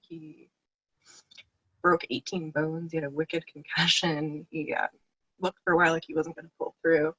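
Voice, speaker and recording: Woman on a webinar panel, husky bright voice, heartfelt, muffled lo-fi call sound. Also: low voice, dry recording. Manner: earnest, heartfelt, tearful at times. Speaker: panelist, book contributor. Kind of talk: emotional webinar panel talk. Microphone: video call.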